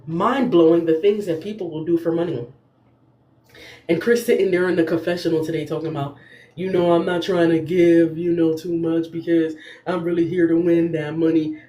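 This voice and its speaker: A young woman hosting a casual recap podcast, sassy and animated, laughing often as she talks. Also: lowish voice, echoey room. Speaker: podcast host.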